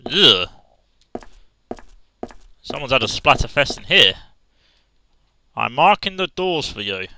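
Chatty male gamer with a lively pitch. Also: slow pace, slight background noise, low-quality recording. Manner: chatty, reads game prompts aloud, thinks aloud. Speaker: let's play gamer. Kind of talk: casual gameplay commentary. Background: game music.

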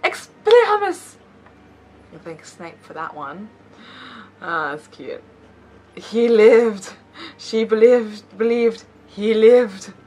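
A woman's voice: on the high side, breathy edge. A young woman YouTuber reading memes aloud with playful commentary, giggling often and teasing herself. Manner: giggly, laughs between lines; playful, self-mocking asides.

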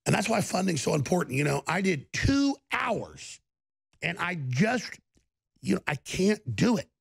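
Gravelly, husky talk-show man. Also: sits high, very animated, a little slow, dry recording. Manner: emphatic, rambling. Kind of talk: talk radio monologue.

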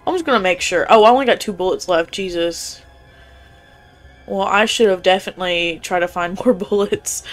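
A woman's voice: lowish voice, normal speed, soft background music. A young woman streaming a horror game, chatting casually and reacting in a jumpy, squeamish way. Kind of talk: live gameplay reaction.

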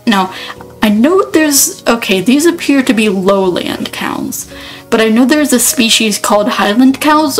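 A woman's voice: a little high, rough recording. A woman giving casual gameplay commentary, rambling and thinking aloud, often cutting herself off mid-sentence. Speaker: let's player.

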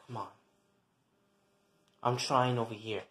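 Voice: steady tone, slow. Profane, taunting skit voice in an echoey room. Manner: profane, taunting, trash-talking; swings between loud jeers and low mutters. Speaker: comedy skit performer. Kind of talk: improvised comic quarrel between roommates.

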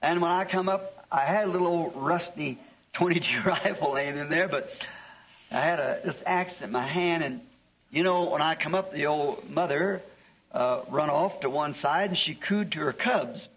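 A man's voice: a little high, moderate pace, fairly bright tone, slightly rough. A man, a preacher telling a homespun story in a sermon, chuckling through his anecdotes. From American South. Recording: dull lo-fi archive tape.

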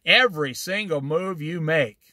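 A man's voice: fairly high pitch, no room sound, studio quality. A middle-aged man leading an informal Bible study, telling stories in a folksy, emphatic way. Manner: folksy, animated storytelling with emphatic slow stresses.

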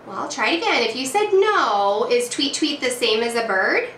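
A woman running drill-style teaching trials as a behavior therapist, coaxing with quick praise. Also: fairly high pitch, very animated, a bit bright. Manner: coaxing, quick praise, imitates sounds playfully. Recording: echoey room, distant mic, faint noise.

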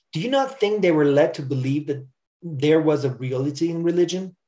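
A male preacher reading a story aloud in a sermon, earnest and measured, with occasional stumbles. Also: on the high side, darkish tone.

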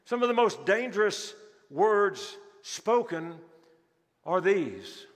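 Male pastor, high-pitched, repetitive sermon delivery in a large hall. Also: sing-song, takes it slowly. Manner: rhetorical questions to the congregation, repeats key phrases. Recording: long hall reverb.

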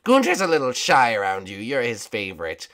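A man's voice: medium pitch, sing-song, a little fast, a bit bright, pitched below the performer's own voice. A man doing a bumbling lovesick wizard king. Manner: rambling, hesitant, lots of ums. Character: goofy lovesick old wizard king, male. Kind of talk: voicing a character over gameplay.

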